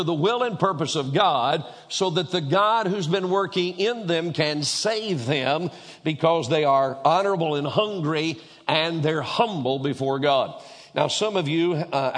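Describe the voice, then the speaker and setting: A man preaches to a congregation, his voice sitting a little on the high side. He tells stories with quoted back-and-forth and drives home key lines by repeating them. A long reverb trails after each phrase, as in a large church hall. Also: moderate pace. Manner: storytelling with quoted dialogue, emphatic repetition. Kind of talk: sermon. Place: church sanctuary.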